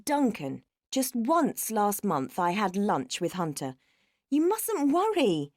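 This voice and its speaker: A woman's voice: mid-range voice, huge pitch swings, slow, darkish tone, no room sound, clean studio sound. A woman acting an affectionate young woman soothing her boyfriend in a textbook dialogue, coaxing and insistent.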